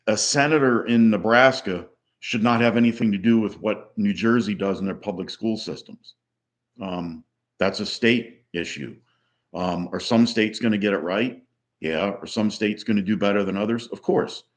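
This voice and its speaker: A man in his sixties ranting with strong opinions, rambling with many pauses and restarts. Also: lowish voice. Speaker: vlogger. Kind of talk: solo opinion rant.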